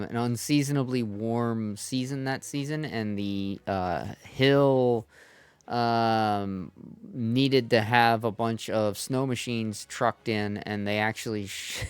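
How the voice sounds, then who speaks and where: A male gaming streamer talking through a casual story in a smooth, clear voice. He speaks slowly, stops often for ums and little laughs, and lets his sentences wander. The sound is dry and close, with faint music underneath. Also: mid-range voice, a bit bright, no echo. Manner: rambling, laughs often, many fillers.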